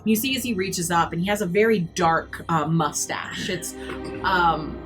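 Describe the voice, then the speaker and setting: A woman's voice: lowish voice, measured pace, fairly bright tone, soft background music. A woman running a tabletop game as game master, narrating scenes, laughing often and swearing. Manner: laughs often, swears, restarts mid-sentence.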